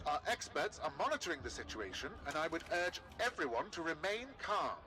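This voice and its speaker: A formal official reassuring the public. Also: male voice, fairly high pitch, big pitch swings, a little fast, sharp tone. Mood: calm. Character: male official giving a public statement. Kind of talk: in-game broadcast.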